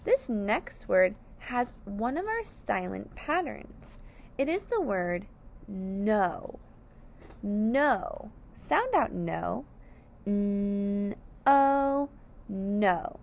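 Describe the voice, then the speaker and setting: A woman's voice: mid-range voice, big pitch swings, extremely slow, creaky, slight background noise. A woman teaching phonics to young children, patiently sounding out each word letter by letter.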